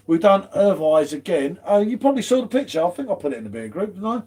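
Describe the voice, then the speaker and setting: Bloke with a high voice doing a casual beer livestream from home, jokey and sweary. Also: male voice, sing-song, fast talker, dark tone, slightly rough. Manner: banterous, swears, chats to viewers. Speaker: beer channel host. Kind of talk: casual live stream chat.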